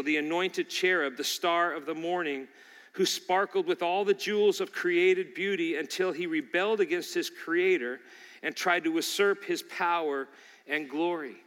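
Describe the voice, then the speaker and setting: A man's voice: on the high side, fairly bright tone, in a large hall. A male pastor preaching a sermon, emphatic and fond of repeating key lines for emphasis.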